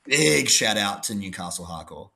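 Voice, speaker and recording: A man from Sydney with an Australian accent, a band guest in a podcast interview, thinking out loud with hesitations and casual swearing. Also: on the low side, animated, normal speed, creaky. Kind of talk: casual chat.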